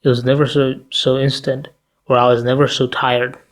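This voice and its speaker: A man's voice: medium pitch, little pitch movement, normal speed. A tired, sleepy man giving blunt, profane commentary and firing off rhetorical questions in a ranting vlog. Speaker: commentary vlogger.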